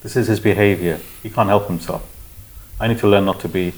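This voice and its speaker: A man leading a spiritual discussion, explaining calmly with repeated phrases. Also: low-pitched, a little fast, low-quality recording. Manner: calm, explanatory, repetitive phrasing. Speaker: spiritual teacher. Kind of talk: teaching discussion.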